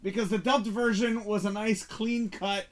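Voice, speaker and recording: A man hosting a casual talk show, chatting about movies in an animated, rambling way. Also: high-pitched, normal speed. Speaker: show host reviewing movies.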